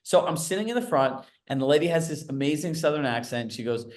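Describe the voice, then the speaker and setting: Male sales coach, fairly high voice, energetic, quizzes his group on a video call. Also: quick pace. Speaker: real estate sales coach.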